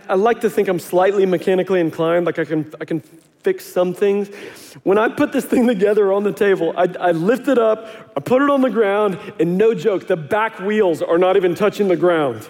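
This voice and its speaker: A man in his thirties preaching a sermon as a pastor, animated and storytelling, acting out quotes with self-deprecating humor. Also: sits high, brisk. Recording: long hall reverb.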